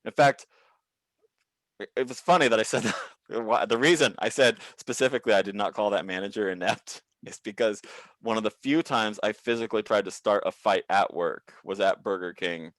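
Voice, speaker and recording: A male comedian telling work stories over a video call, animated and swearing freely, acting out quoted people in raised voices. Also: fairly low pitch, normal speed, dry recording. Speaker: comedian guest.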